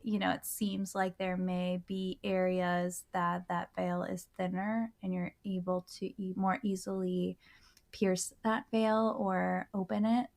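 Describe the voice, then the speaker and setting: Slow, gravelly-voiced woman co-host. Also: on the low side, flat delivery, a little mellow. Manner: hesitant, thinks aloud with pauses. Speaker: podcast co-host. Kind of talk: casual chat.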